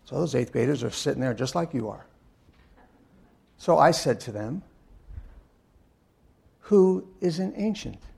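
An older man giving a sermon in a church, telling wry stories in a halting way full of uh and restarts. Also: mid-range voice, lively intonation, creaky, husky. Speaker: guest speaker and Bible teacher. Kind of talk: anecdotal sermon talk.

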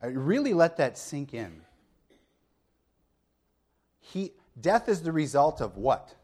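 A man's voice: a little high, very animated, slow pace, long pauses, darkish tone. A middle-aged man preaching a sermon in a conversational way. He talks the congregation through the point step by step, asks rhetorical questions and checks in with a frequent "okay?". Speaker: pastor.

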